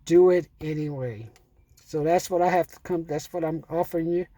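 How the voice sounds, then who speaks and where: A middle-aged man with a fairly high voice delivers a rambling motivational sales talk. He is pushy and blunt, swears freely and calls the listener "man" again and again. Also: moderate pace, mellow, no room sound. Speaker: sales trainer.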